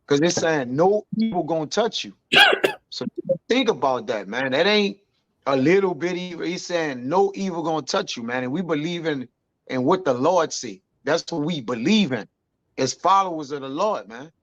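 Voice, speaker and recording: A man's voice: on the high side, expressive, normal speed, dull audio. A man reading a verse and commenting on it casually, often saying "man". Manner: casual, says man a lot. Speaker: study group member.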